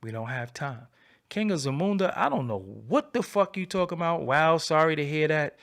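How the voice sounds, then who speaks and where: A man hosting a livestream, ranting in a profane, animated, preaching way and repeating his phrases, swinging from low mutters to loud outbursts. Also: normal speed, creaky. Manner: swoops between low mutter and loud high bursts. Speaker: livestream host. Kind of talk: unscripted livestream rant.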